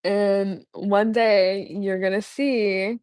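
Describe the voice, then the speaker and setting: A woman's voice: mid-range voice, steady tone, very slow, darkish tone, smooth, no room sound. A young woman chatting casually with her viewers on a live stream. She is bubbly, laughs often and answers questions from the chat. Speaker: livestreamer.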